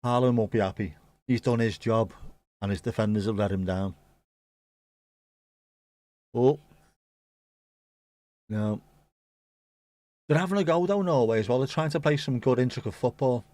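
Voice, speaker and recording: A man with a British accent hosting a football watchalong, making jokes and bursting into excitement at the goals. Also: fairly low pitch, a little slow, pauses often, no room sound. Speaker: watchalong host. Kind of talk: casual live match commentary.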